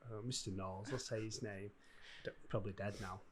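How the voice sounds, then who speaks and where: A man's voice: lowish voice, fairly even intonation, brisk, a little hiss or hum. A man co-hosting a comedy podcast, telling slangy anecdotes in casual chat and laughing a lot. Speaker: podcast co-host.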